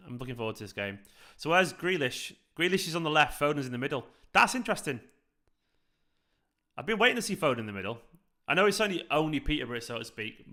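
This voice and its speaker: A man hosts a live football watchalong in a bright, forward voice. He chats loosely with his viewers and breaks off to react to the match. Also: medium pitch. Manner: chatty, reacts to the match while answering viewers. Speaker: fan channel host.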